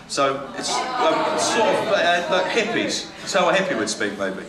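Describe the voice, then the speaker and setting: A man's voice: fairly high pitch, sing-song, measured pace, a loud crowd. A man doing stand-up, reading jokes aloud in a dry, hesitant way with ums and trailing asides. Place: comedy venue stage. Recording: echoey room with background noise. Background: audience laughter.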